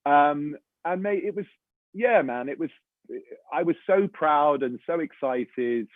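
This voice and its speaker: A man's voice: a little high, slow pace, dry recording. Chatty English guy over tinny line. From England. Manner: animated storyteller, chatty, says mate and man a lot. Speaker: voice actor guest. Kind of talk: casual panel chat.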